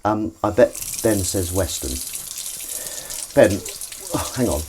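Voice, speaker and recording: Lively joking man at the sink. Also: fairly low pitch, takes it slowly, slight background noise, low-quality recording. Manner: rambling, self-mocking banter with frequent ums and jokey asides. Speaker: livestream host. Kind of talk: comedy chatter while washing up. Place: home kitchen at the sink.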